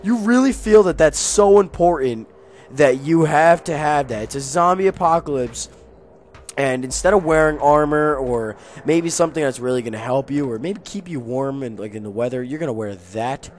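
A young man giving casual, jokey commentary while playing a video game, often yelling at enemies. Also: on the high side, normal speed, a little hiss or hum. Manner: excitable, jokey, yells at enemies. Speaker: gaming YouTuber.

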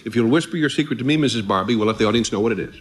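A man's voice: medium pitch, very fast. A man hosting a 1970s television panel game, jokey and upbeat. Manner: jokey, upbeat, chuckling asides. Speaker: game show host. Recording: 1970s TV broadcast with loud studio audience and noise.

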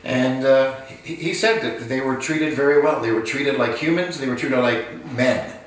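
A man in his sixties recounts family memories slowly, circling back and restarting his sentences as he goes. His voice is mid-pitched and sits back from the microphone in a very echoey room. Faint background hiss runs underneath. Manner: unhurried, halting storytelling with repeated restarts. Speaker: son of a war veteran, interviewee. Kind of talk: personal recollection, storytelling. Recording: very roomy, distant mic, faint hiss.

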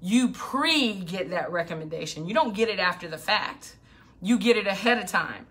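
A middle-aged woman business coach giving an animated, emphatic motivational talk, hammering her points with repetition. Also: mid-range voice, moderate pace. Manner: emphatic, animated, repeats for punch.

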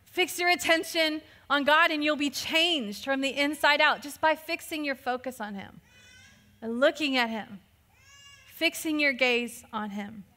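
A woman pastor giving a lively, conversational sermon, laughing often as she preaches. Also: high voice, a little slow, long reverb tail.

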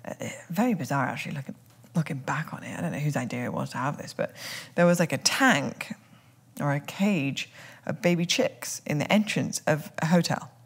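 Woman podcast co-host with hiccups, low gravelly voice, reflective and searching. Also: brisk. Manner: thoughtful, searching, restarts often. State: has hiccups. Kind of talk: casual reflective conversation.

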